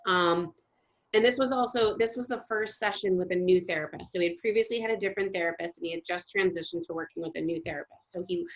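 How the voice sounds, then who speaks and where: A woman's voice: lowish voice, creaky. A young adult woman, a guest music therapist, telling stories in a casual interview with many ums and restarts. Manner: halting, restarts often with ums. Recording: dull lo-fi sound.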